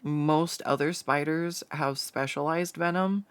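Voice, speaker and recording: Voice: medium pitch, fairly even intonation, slow, clean tone, dry recording. A streamer chatting casually on a live stream, rambling with lots of fillers, restarts and small laughs. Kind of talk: casual chat while drawing on stream.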